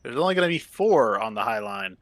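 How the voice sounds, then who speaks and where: A man's voice: mid-range voice, very animated, a little fast, fairly bright tone, dry recording. A man chatting casually while playing a game, joking and punning as he rambles on. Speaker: game player and co-host. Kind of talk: casual gameplay chat.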